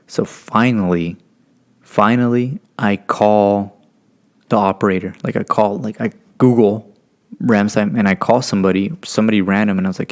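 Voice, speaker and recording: A man's voice: lowish voice, gravelly. A young man from California telling a long story casually, rambling a bit and acting out the voices of the people in it. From California, USA. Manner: relaxed, rambling, acts out quoted voices. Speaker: podcast guest.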